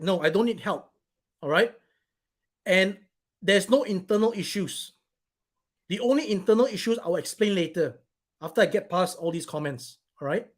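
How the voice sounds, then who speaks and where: A man hosting his own live stream, reading out viewer comments in an irritated, blunt, rambling way and swearing now and then. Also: high voice.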